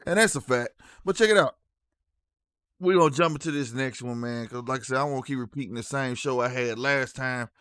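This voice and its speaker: A man's voice: mid-range voice, a little fast, a bit bright, slight background noise. A man with a St. hosting a talk stream, chatting loosely to his live chat and dropping "bro" and "you know what I'm saying" all the time. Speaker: streaming show host.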